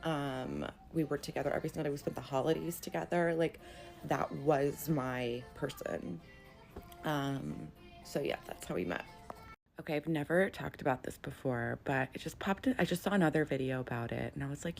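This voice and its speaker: A woman vlogging casually at home into a handheld phone, drawling with vocal fry and filling her talk with "like" and "um". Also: deep voice, moderate pace, darkish tone, faint music behind. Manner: drawling, peppered with "like" and "um". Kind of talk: casual confessional vlog talk.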